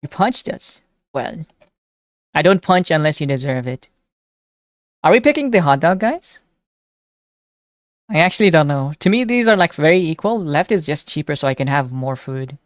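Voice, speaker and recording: A young woman live streamer chatting casually with her viewers, reading their messages aloud and reacting excitedly. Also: sits low, moderate pace, long pauses, dry recording, clean studio sound. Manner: chatty, reads chat aloud and answers it, excitable.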